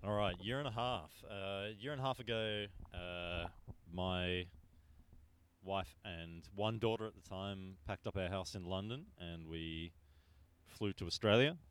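A male podcast guest speaking in a measured way, with frequent hesitations. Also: sits low, a bit bright, slight background noise. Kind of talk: casual chat.

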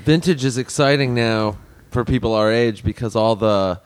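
Man in a casual chat, easygoing commenter, medium pitch, dry mic. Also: normal speed, smooth, dry recording. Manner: chatty, offers observations between the others.

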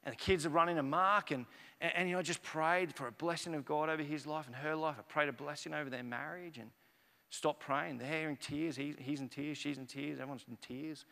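A man's voice: on the high side, fairly even intonation, fairly quick, gravelly, sharp tone. A man preaching a sermon as pastor, telling stories animatedly and acting out the dialogue. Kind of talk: sermon with personal storytelling. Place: church. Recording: echoey church hall.

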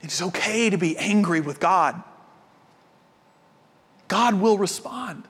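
A man preaching a sermon as a pastor, impassioned at times and at other times dropping to quiet intensity. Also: high voice, animated, slow, slightly rough. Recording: reverberant hall.

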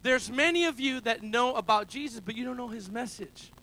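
A male pastor delivers a sermon in a very high, bright, forceful voice. He calls to the congregation for amens and builds to loud, emphatic peaks. He preaches from a church gathering held in a school building. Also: a little fast. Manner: call-and-response preaching, rising to shouts.

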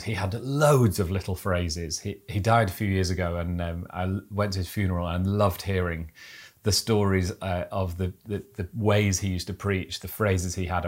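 A man preaching a sermon to his church, earnest and exhorting, building up to emphatic peaks. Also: deep voice. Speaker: pastor.

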